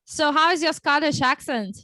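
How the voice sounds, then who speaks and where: Woman hosting a livestream chat, kinda high voice, upbeat, restarts a lot, dry sound. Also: moderate pace, sharp tone, no room sound. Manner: chatty and upbeat, with frequent restarts. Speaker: livestream interview host. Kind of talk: casual chat.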